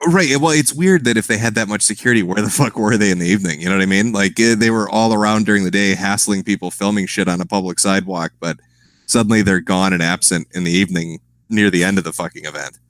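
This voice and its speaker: Casting: man, low-pitched, loose profane rambling, laughs a lot, dry close sound. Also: steady tone, fast, fairly bright tone, no echo. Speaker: podcast guest. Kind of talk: casual profane chat.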